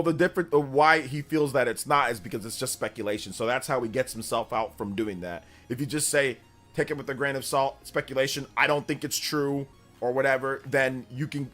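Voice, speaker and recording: A man's voice: medium pitch, brisk, a bit bright, faint music behind. A man in his forties hosting a gaming livestream, chatting casually in a blunt, rambling way that repeats itself.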